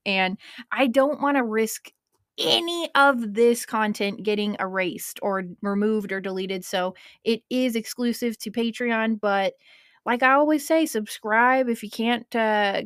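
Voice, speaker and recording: A woman's voice: mid-range voice, dry recording, clean studio sound. Chatty woman podcast host in her twenties. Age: 20s. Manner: chatty, emotional, swears casually. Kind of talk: casual podcast intro.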